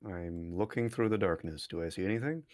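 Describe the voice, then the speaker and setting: A man playing a tabletop game in character, calm, steady and determined. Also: low-pitched, fairly quick, no room sound. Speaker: player.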